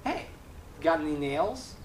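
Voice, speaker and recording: A man's voice: a little high, expressive, takes it slowly. A man voicing a pushy, persistent male duck who asks the same casual question again and again. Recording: echoey, distant camera mic, noisy background.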